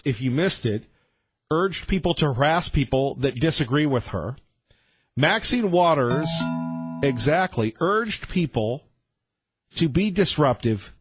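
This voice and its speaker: A man's voice: fairly high pitch, expressive, measured pace, slightly rough, no echo. A male talk radio host in a studio, delivering an emphatic, rambling monologue with many restarts.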